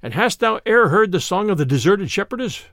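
A man's voice: high voice, very animated, fairly quick, fairly bright tone, no echo, clean studio sound, heavily acted. A man voicing a sly, merry household cook who is fond of song and talks in a sweet, coaxing way.

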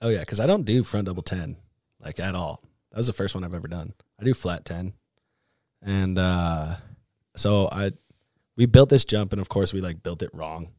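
Laid-back young man, low voice. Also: moderate pace, a little mellow, no room sound, studio quality. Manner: laid-back, slangy storytelling with many fillers. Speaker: guest, pro snowboarder. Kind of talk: casual podcast chat.

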